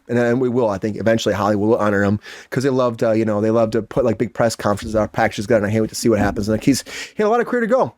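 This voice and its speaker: A man's voice: medium pitch, darkish tone, dry recording, clean studio sound. A man hosting a casual entertainment news chat, rambling with lots of fillers and restarts. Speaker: host.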